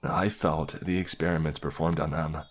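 A man narrating a creepypasta in a steady scripted storytelling voice. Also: a bass voice, moderate pace.

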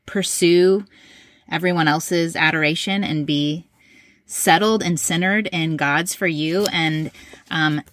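A woman's voice: low voice, steady tone, takes it slowly. A woman hosting a podcast, a supportive listener who keeps affirming her guest in casual conversation. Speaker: podcast host.

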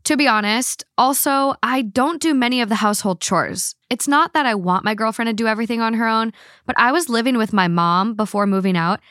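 A woman hosting a podcast, chatting casually and reading listener stories aloud in a blunt, animated way. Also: a little high, brisk, no room sound, clean studio sound. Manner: blunt, swears freely, animated. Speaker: podcast host.

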